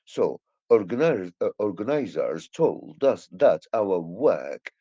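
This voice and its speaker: A man's voice: on the low side, big pitch swings, slow pace, dark tone, husky, no echo, muffled recording. A male English teacher with an Egyptian accent, a native Arabic speaker, explaining grammar hesitantly with many fillers and restarts.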